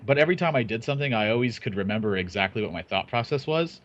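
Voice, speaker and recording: A man's voice: mid-range voice, animated, rapid-fire, a bit bright, lo-fi sound. A man talking casually on a gaming panel, easygoing and self-deprecating. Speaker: Hearthstone caster and panel host.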